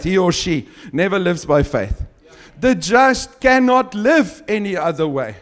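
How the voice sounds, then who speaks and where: A man whose first language is Afrikaans, preaching a sermon and reading scripture slowly and with emphasis, chuckling often between points. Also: high voice, very animated. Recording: long hall reverb.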